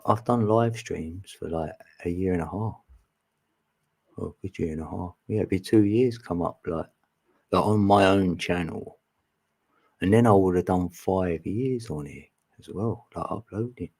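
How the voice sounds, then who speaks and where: A man's voice: deep voice, a little slow, darkish tone, slightly rough. A man, chatting casually with viewers on a live stream, laughing often and teasing them.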